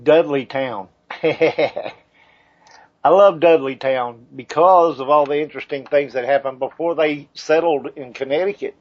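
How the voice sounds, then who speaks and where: A man's voice: fairly high pitch, measured pace, muffled recording. A man hosting a radio show, chatting casually and sounding upbeat and enthusiastic.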